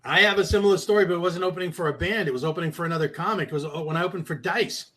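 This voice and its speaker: A man, a comedian, telling a quick, rambling story about opening for another comic, peppered with swearing. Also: high voice, pushed and bright. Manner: quick, rambling, with salty slang. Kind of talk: casual anecdote telling.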